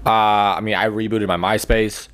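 A man's voice: lowish voice, level tone, moderate pace, a bit bright, clean tone. Man, podcast co-host, blunt, profane, sarcastic, casual.

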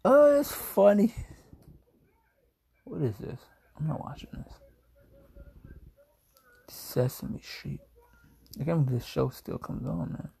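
A man's voice: medium pitch, a little slow, vocal fry, pauses often, breathy edge. A young man hosting a casual solo podcast from home, groggy and yawning after a nap, rambling in a laid-back, jokey way. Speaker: podcast host.

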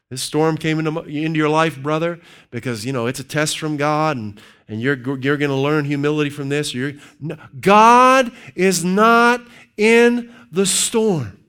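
A man preaching a sermon, asking his congregation questions and shifting from loud, emphatic reading of scripture to low, quiet asides. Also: clean tone.

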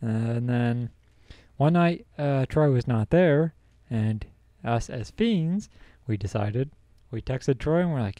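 A man's voice: mid-range voice, lively intonation, takes it slowly, mellow, dry recording. A young man hosting a podcast, telling a college story casually and laughing through it. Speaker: podcast host.

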